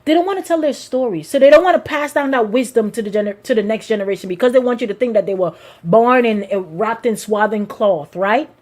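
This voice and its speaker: High-voiced woman preaching with stories. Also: fairly quick, hardly any pauses. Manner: animated, repetitive restarts, addresses congregation directly. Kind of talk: live sermon with personal storytelling.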